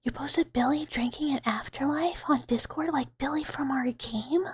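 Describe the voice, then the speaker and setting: A woman streamer giving soft-spoken, whispered ASMR chat to her viewers, giggly and casual, close to the mic. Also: high-pitched, moderate pace, slight background noise. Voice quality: breathy whisper.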